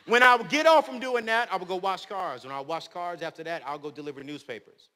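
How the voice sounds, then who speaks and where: A male preacher in his thirties telling his story in an animated, humorous speech, swinging between loud and soft. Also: high voice, brisk, few pauses, slight background noise. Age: 30s. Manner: humorous, slangy. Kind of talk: motivational speech. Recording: long hall reverb.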